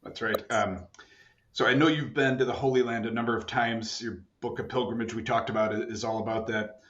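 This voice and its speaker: A man hosting a podcast, asking questions in a relaxed way with fillers. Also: mid-range voice, a little fast. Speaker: podcast host. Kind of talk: casual podcast interview. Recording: roomy, slightly muffled.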